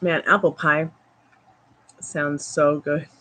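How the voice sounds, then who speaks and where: A woman's voice: deep voice, steady tone, takes it slowly, fairly bright tone, poor audio. A woman hosting a casual livestream, chatting in a rambling way full of fillers while outdoors at home. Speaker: tarot reader livestream host.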